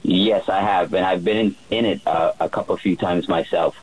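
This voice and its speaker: A man who works as a yacht chef, telling a relaxed story on the radio with many fillers and restarts. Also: deep voice, moderate pace, husky, rough recording.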